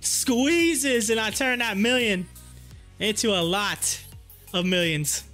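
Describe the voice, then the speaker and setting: A man with a very high, bright voice hosts a stock market livestream. He tells rambling stories full of fillers and breaks into giggles. Faint music plays behind him. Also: takes it slowly. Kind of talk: casual livestream chat.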